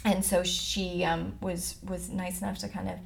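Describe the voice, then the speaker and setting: A woman's voice: on the low side, little pitch movement, normal speed, creaky. A young adult woman, an actress, chatting upbeat and freely as an interview guest. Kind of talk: casual interview chat.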